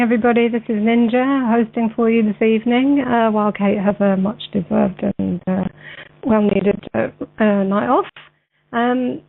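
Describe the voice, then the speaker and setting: A woman standing in as radio show host, chatting with many ums and then reading a text slowly and deliberately. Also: medium pitch, vocal fry. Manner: many ums and uhs, friendly, says "mate" and "wee". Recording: tinny phone-line sound.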